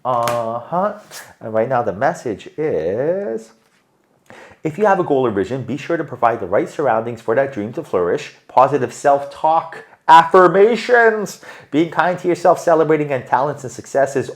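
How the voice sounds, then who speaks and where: A man giving a tarot reading in an animated, emphatic way, often checking in with "right?". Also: medium pitch, normal speed. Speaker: tarot reader.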